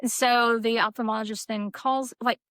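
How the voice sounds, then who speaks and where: A woman's voice: normal speed, no room sound, clean studio sound. A woman, a nurse practitioner telling emergency room stories in casual chat, acting out quoted people with big jumps in her voice. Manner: animated, acts out quotes with big pitch jumps.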